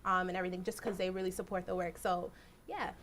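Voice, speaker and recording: A young woman, a journalist, telling stories in a casual, animated way and acting out quotes. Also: fairly low pitch, fast, slight background noise. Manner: animated, acts out quotes with "I was like". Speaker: journalist guest speaker. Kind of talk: casual storytelling talk. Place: lecture hall.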